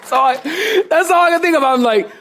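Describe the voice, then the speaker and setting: A man preaching a sermon as pastor, telling a humorous personal story to his congregation with animated delivery. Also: very high voice, fast talker, a faint crowd. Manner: southern-style "y'all" to congregation.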